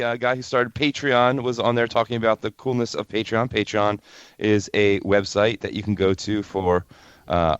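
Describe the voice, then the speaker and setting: A man with a fairly low voice trading crude, offhand jokes as a podcast co-host. His mic sounds a little dull and lo-fi. The sound is dry, with no room around it. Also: no room sound. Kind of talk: casual podcast banter.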